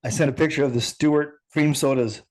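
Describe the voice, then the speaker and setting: Podcast host, animated storyteller. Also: male voice, fairly high pitch, brisk. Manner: animated storyteller, laughs often. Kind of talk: casual chat.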